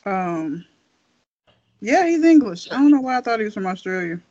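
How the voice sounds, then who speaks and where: Woman co-host, frank and blunt; animated pitch, dull lo-fi recording. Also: normal speed, no echo. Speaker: podcast co-host. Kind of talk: casual chat.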